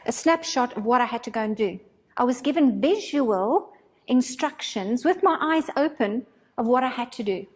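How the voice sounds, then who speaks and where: A woman teaching a spiritual course, telling a story in a casual, animated way and acting out her own thoughts. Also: a little high, normal speed, long reverb tail.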